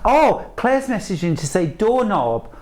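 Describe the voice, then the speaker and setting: A woman's voice: medium pitch, sing-song, a little slow, a little mellow. A woman presenting a live craft shopping broadcast, chatty and enthusiastic as she reads out viewer messages. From United Kingdom.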